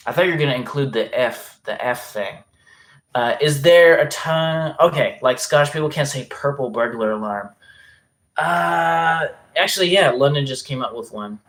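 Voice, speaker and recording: With an animated, fairly bright mid-range voice at a moderate pace, a young man runs a live stream, rambling casually with plenty of fillers and some swearing. He speaks in a regional accent, though the place goes unstated.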